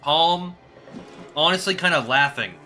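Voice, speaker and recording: A man's voice: fairly high pitch, expressive, a little slow, pushed and bright. Young man streaming, joking and profane. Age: young adult. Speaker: gaming streamer. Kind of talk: casual gameplay commentary.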